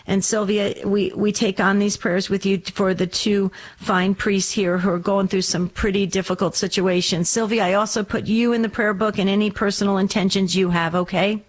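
A woman hosting a Catholic call-in radio show, reassuring callers and praying with them, with lots of quick restarts. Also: medium pitch, steady tone, rough recording. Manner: warm-hearted, reassuring, talks in quick restarts.

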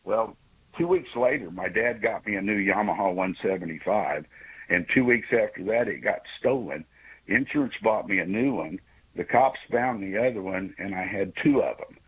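A man in his sixties calling in to a radio show by phone, telling a story with many halting restarts and fillers. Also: fairly low pitch, a bit bright, slightly rough, lo-fi sound. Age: 60s. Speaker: radio caller. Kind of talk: call-in storytelling. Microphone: phone call.

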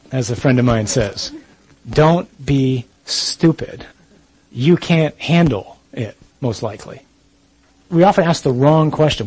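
A man's voice: on the high side, darkish tone, breathy edge, no echo, low-quality recording. A Catholic priest giving a talk, earnest and blunt, speaking straight to his listeners and mixing in joking asides. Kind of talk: sermon-style talk on chastity.

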